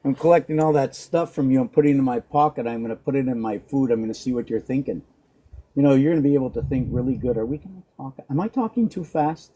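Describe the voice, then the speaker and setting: A man in his forties rambles to his dog in a playful, sing-song way, then drifts into counting letters as numbers. His voice is husky and mellow, with a soft, dark tone. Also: mid-range voice, quick pace, low-quality recording. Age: 40s. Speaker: vlogger.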